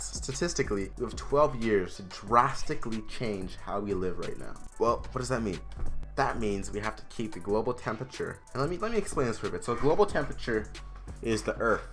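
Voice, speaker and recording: A man's voice: fairly low pitch, a bit bright. A teenage boy in a casual explainer vlog, chatty and emphatic, with restarts and side remarks. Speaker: student presenter.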